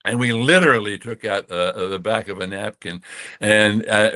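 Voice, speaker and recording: An older man from the United States tells a long story as a podcast guest. He backtracks and restarts often and gets lively whenever he quotes someone. The sound is close and dry, with no room around him. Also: lowish voice, dry recording. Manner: rambling, many restarts, animated when quoting others. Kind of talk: storytelling interview.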